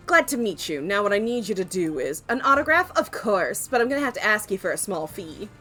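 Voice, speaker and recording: A woman's voice: medium pitch, very animated, a little fast, pushed and bright, faint music behind. A woman voicing a vain young actress in a video game, boastful and self-promoting. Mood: preening.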